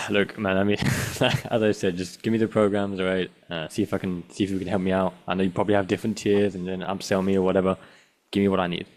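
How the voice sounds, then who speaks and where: A brash, impatient sales prospect who knows it all, as a man plays him in a role-play. He talks fast and low, in a flat, dismissive drone, and keeps pushing to skip ahead. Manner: dismissive, impatient, repeats demands. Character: pushy know-it-all male sales prospect.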